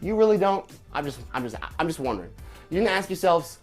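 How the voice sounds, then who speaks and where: A man's voice: on the high side, very animated, quick pace, soft background music. A man hosting a live stream, ranting with profanity and firing off repeated rhetorical questions. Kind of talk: angry political rant on a live stream.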